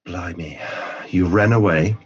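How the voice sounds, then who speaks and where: A man interviewing a guest, asking probing questions in a measured, thoughtful way. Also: deep voice, a little hiss or hum. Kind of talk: conversational interview. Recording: dull lo-fi sound.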